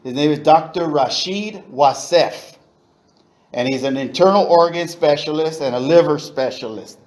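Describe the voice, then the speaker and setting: Middle-aged man from East Los Angeles, slightly high voice, candid recovery-meeting storyteller. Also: normal speed, a little mellow, low-quality recording. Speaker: AA meeting speaker.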